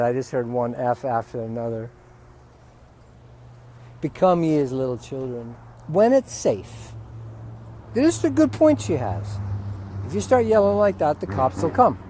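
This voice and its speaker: A man giving an unscripted spiritual teaching talk outdoors, ranting with heavy profanity and sudden loud outbursts. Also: a little high, slight background noise. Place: outdoors near dogs.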